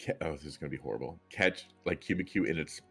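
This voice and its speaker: A man's voice: a bass voice, fast, gravelly, breathy edge, soft background music. A man playing a tabletop game, giggly, self-mocking and rambling. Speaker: player.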